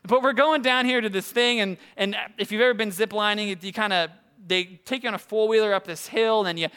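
Bright, animated young preacher man. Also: high voice, fairly quick, smooth. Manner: conversational, animated storytelling with acted quotes. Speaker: pastor. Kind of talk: casual sermon.

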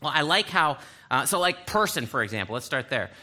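A man's voice: mid-range voice, big pitch swings, a little fast, sharp tone. A man preaching a sermon, reading scripture aloud and breaking in with explanatory asides. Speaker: pastor.

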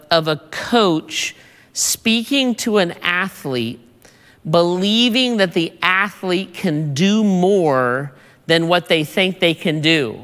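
Pastor delivering a sermon: bright, slow, deliberate, repeats words; long hall reverb. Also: mid-range voice. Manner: deliberate, repeats words while building points.

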